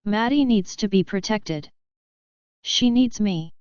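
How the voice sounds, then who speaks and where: A woman's voice: medium pitch, slow pace, a little mellow, clean tone, dry recording, lo-fi sound, close to an everyday voice. A woman voicing a teasing, loyal young werewolf friend, in a wry, amused way, in an audiobook.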